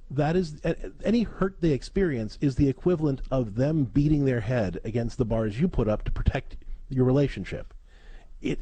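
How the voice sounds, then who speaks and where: Brief: male call-in show host and counselor, warm low tones, lively delivery. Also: breathy edge, no room sound. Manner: animated, repeats words as he talks.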